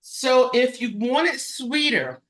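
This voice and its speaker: A woman guest casually demonstrating a recipe and telling her story, halting and correcting herself often. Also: high voice, very animated. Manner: halting, self-correcting, many fillers.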